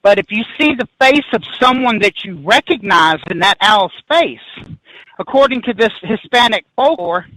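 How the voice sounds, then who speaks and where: Man, fifties, podcast guest, animated storytelling, tumbling restarts, dry close sound. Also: sits high, normal speed, no echo, poor audio. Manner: excitable, restarts sentences, laughs mid-story. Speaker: guest paranormal investigator.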